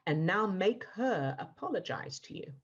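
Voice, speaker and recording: A woman coach guiding a participant through a live online session, calm and encouraging, explaining step by step. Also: mid-range voice, normal speed, slightly rough, muffled recording. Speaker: emotional fitness coach.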